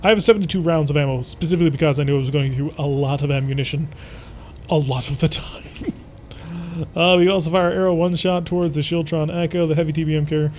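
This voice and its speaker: A man's voice: a little high, fairly even intonation, quick pace, a little mellow, a little hiss or hum. A man giving playful, theatrical commentary while playing a strategy game. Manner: playful, theatrical, talks to enemies. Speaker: gameplay commentator. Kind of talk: let's-play commentary.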